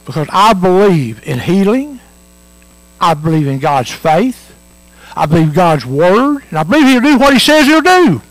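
High, lively-voiced male preacher. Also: measured pace, no room sound, poor audio. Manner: earnest, repetitive emphatic preaching with storytelling. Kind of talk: sermon. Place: church.

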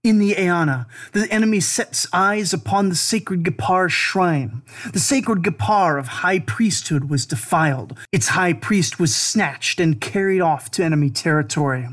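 Brief: male narrator, slightly higher voice, grave and deliberate recitation of an ancient lament. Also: a bit bright.

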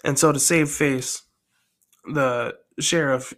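A man casually tells a story he is still working out. He rambles and thinks aloud, often pausing to decide what happens next. His voice sits at an ordinary middle pitch. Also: steady tone, fairly bright tone. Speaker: storyteller sharing his own story ideas.

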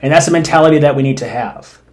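A man's voice: a little high, fast, a little mellow. A man hosting an opinion podcast, talking bluntly and sarcastically with open indignation. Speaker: podcast host. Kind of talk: opinion commentary.

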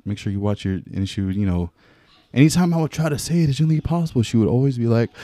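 A young man chatting casually on a podcast, telling an animated story full of slang and frequent laughs. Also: medium pitch, rapid-fire, no room sound. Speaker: podcast co-host. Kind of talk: casual chat.

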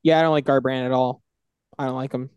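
A man co-hosting a casual sports podcast, dropping quick teasing asides and short picks. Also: mid-range voice, steady tone, a little mellow, smooth, no echo, dull audio. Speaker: podcast co-host.

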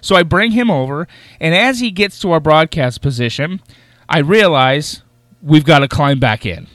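Smooth-voiced male podcast host. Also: fairly high pitch, normal speed, no echo. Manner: animated storytelling with restarts and laughter. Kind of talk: casual interview chat.

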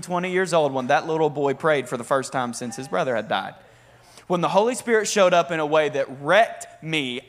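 A young man preaching a sermon, energetic and conversational, calling on the congregation to respond. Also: on the high side. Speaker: worship leader and preacher.

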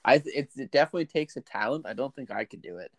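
A Canadian man as a guest on a casual podcast, telling stories in an animated, upbeat way. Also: medium pitch, racing. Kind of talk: casual chat.

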